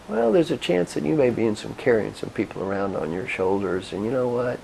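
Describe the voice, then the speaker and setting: A male motivational speaker guides listeners through reflection and tells stories, shifting between soft pauses and firm instruction. His voice has a gravelly texture and moves through a lively, animated pitch range. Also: slight background noise, poor audio. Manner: expressive, directive, with soft pauses. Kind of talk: guided reflection and storytelling talk.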